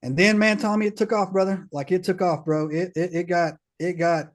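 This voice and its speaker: A man from the United States, a podcast guest telling a story in casual chat, slangy and animated, tossing in "man" and "bro" and acting out what others said. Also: sits high, fairly quick. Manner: slangy, peppers talk with "man", "bro", "right?"; animated, acts out others' dialogue.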